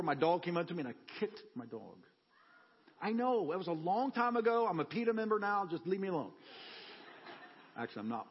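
A man's voice: high-pitched, breathy edge, long reverb tail, lo-fi sound. A man preaching a sermon in a church, telling personal stories with humor and energy. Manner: animated personal storytelling with humor.

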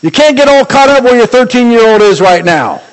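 High-voiced preaching pastor in a hall. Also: male voice, fairly quick. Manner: animated preaching with rising exclamations and humor. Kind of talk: sermon.

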